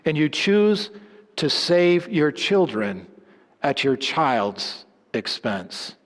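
A man preaching a sermon, swinging between emphatic lines and low, hushed endings. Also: big pitch swings, extremely slow. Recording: long hall reverb.

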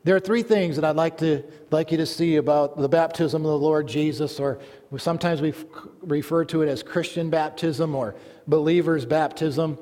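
A pastor delivering a sermon, reading scripture aloud and telling a folksy joke in an earnest manner. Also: male voice, a little high, steady tone, moderate pace, mellow. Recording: long hall reverb.

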